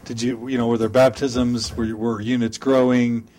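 A man's voice: mid-range voice, flat delivery, moderate pace, darkish tone, slight background noise. A male interviewer asking casual questions, hesitating and rephrasing them several times.

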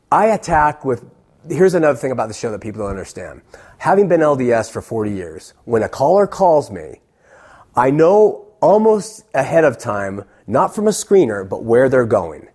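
A man's voice: mid-range voice, darkish tone. A middle-aged man who hosts a call-in show, talking bluntly and emphatically as an interview guest. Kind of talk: casual interview talk.

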